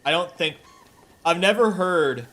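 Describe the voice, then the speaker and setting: A man's voice: sits high, lively intonation, measured pace, fairly bright tone. A young man from Minnesota with a Minnesotan accent, casually chatting with his stream chat while he plays, loose and offhand, swearing now and then. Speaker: game streamer.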